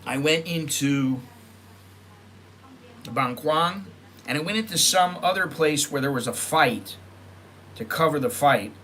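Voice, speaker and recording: Speaking a little slowly and pausing often, a middle-aged vlogger from the United States rambles through his stories, correcting himself and acting out quoted speech. His voice is on the high side, animated and sharp, with slight background noise.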